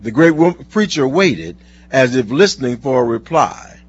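Male preacher, husky, lively pitch, earnest sermon delivery, lo-fi sound. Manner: earnest, slowing down for scripture. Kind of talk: sermon with told stories and scripture reading. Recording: dull lo-fi recording.

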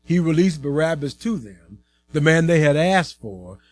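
A man giving a dramatic Bible reading, expressive in delivery. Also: a little high, moderate pace. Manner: expressive, acting out the voices in quotes. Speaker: scripture reader.

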